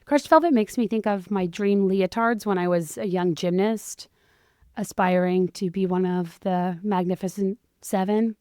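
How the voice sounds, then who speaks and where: Hoarse woman podcast host rambling along, chatty and a bit self-mocking, dry close sound. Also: medium pitch, a little slow, mellow, no echo. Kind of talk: casual solo podcast chat.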